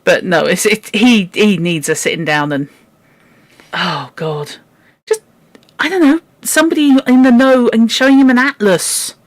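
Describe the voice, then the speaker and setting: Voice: medium pitch, measured pace, dry recording. A book club host chatting about a classic novel, exasperated and joking, with frequent asides. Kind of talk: casual chat and reading aloud.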